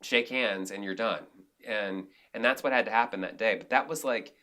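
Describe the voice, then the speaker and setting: A man's voice: on the low side, moderate pace, pushed and bright. A man, a film director as a podcast guest, talking candidly in a casual interview with frequent restarts and fillers.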